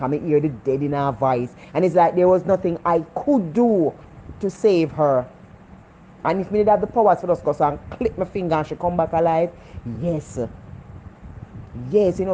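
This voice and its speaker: A Jamaican woman speaks in a low, warm voice, preaching life lessons in a heartfelt motivational vlog. She repeats her points with earnest conviction. The recording is slightly dull, with faint noise behind her. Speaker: vlogger.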